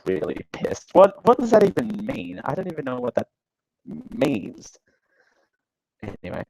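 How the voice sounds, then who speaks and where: A male host talks through casual commentary with a dry, sarcastic edge, wandering off and restarting his sentences. His voice has a gravelly fry to it, and he sounds close and dry with no room around him. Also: sits high, huge pitch swings, moderate pace, darkish tone, no echo, poor audio. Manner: sarcastic, rambling, with frequent fillers and restarts. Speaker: show host.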